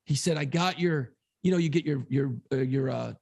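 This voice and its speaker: A man co-hosting a podcast, telling a long story in a casual, profane, animated way. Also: mid-range voice, normal speed, vocal fry. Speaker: podcast co-host.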